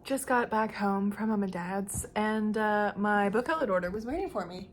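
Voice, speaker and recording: A woman's voice: mid-range voice, moderate pace. A young Canadian woman vlogging casually about books, gushing and laughing often. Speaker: book vlogger. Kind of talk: casual vlog chat.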